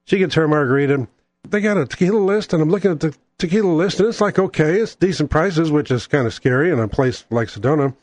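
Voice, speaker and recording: A middle-aged man hosting a radio show, telling a casual story with wry, animated asides. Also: fairly high pitch, fast, no echo. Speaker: radio host.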